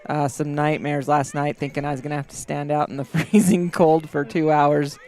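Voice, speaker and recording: A man giving live commentary on a school race from indoors, chatty and quick to laugh. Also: a little high, flat delivery, a little mellow. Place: indoors, watching on a big screen.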